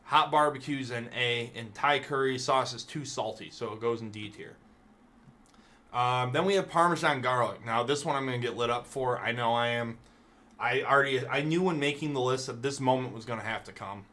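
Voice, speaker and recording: A man with a bright, forceful voice rants live to his stream. He is emphatic and swears a lot, and his outrage is put on for laughs. He talks in an everyday chatty way. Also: mid-range voice, normal speed. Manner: profane, emphatic, mock-outraged. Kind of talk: casual ranking rant.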